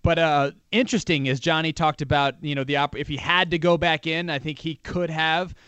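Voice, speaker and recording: Male sports radio co-host, slightly high voice, dry close mic, casual with fillers. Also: fairly even intonation, fairly quick, fairly bright tone, smooth, dry recording. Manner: conversational with fillers.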